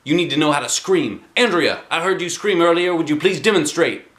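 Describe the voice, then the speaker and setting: A man voicing a showy male self-defense teacher who thinks he is an action hero, talking loud and booming. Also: brisk, close to an everyday voice. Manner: loud, booming, shouts battle cries.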